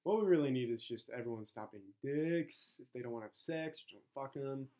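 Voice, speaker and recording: A man's voice: mid-range voice, brisk, warm tone. A young man co-hosting a podcast, throwing in crude, wisecracking asides during casual chat. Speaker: podcast co-host.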